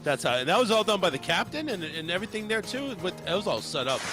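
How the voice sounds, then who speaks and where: A man's voice: high-pitched, big pitch swings, quick pace, loud music behind the voice. A man hosting a talk radio show, chatting casually in a laid-back, joking and rambling way.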